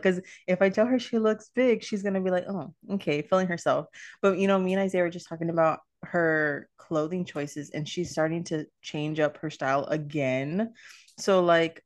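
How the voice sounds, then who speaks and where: A woman's voice: lowish voice, normal speed, no room sound. A young woman and mother in casual chat, telling stories full of fillers and quoted back-and-forth. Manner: chatty, lots of fillers and quoted dialogue.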